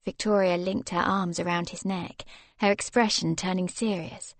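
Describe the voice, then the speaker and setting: A woman's voice: on the low side, steady tone, moderate pace, no echo. Woman reading a romance audiobook. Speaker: audiobook narrator. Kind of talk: scripted narration.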